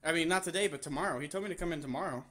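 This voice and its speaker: A man's voice: fairly high pitch, racing, fairly bright tone. A young man making prank phone calls, rambling and swearing, breathless from walking around while he talks. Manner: rambling, breathless, swearing, laughing between asides. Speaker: prank caller and video host. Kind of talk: casual phone prank chat. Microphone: phone on speaker held while walking.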